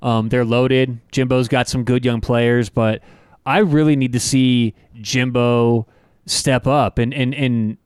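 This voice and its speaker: A man co-hosting a casual sports podcast, playful and quick to joke. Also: mid-range voice, steady tone, darkish tone, clean tone, no room sound, clean studio sound. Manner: playful, joking. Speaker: podcast co-host.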